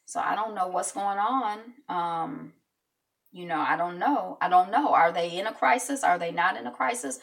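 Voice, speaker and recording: A woman's voice: on the low side, normal speed, vocal fry, far from the mic. A woman talking through news stories alone, casual and rambling, with lots of fillers and asides. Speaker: host commenting on news. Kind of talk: casual news commentary monologue.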